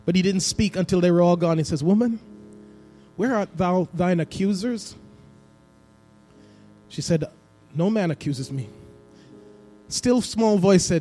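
Male pastor, high-pitched, church sermon with dramatic hushes and swells, faint music behind. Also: lively intonation, normal speed, long pauses. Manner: preaching with swings between hushed and emphatic delivery. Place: church sanctuary.

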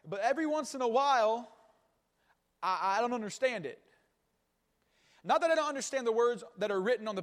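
A man's voice: very high voice, big-room sound. A man preaching a sermon in a fervent, conversational way, calling out amens. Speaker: pastor.

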